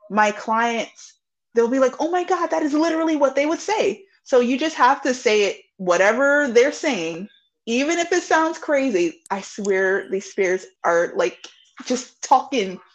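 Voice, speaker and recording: Animated, fairly high-voiced woman guest. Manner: animated, swears freely, laughs often. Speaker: podcast guest, intuitive reader. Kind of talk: casual spiritual chat.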